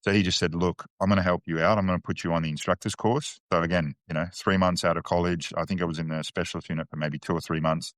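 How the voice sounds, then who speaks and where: Deep-voiced Australian man telling stories. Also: steady tone, quick pace, hardly any pauses, no echo. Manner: candid, storytelling, slangy, frequent fillers and restarts. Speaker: podcast guest. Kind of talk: casual interview chat.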